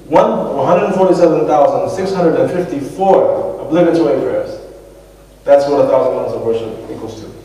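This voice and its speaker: A man's voice: a little high, moderate pace, mellow. An American man preaching as imam in a reflective, conversational way, often restarting his phrases. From USA. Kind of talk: sermon. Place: large mosque prayer hall. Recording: echoey hall from far off.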